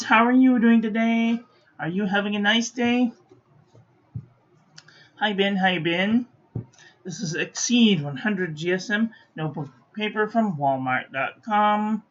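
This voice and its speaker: A sleepy woman giving dry, low-key commentary while testing ink on paper. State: sleepy, yawning. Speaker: stationery reviewer. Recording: dull lo-fi recording.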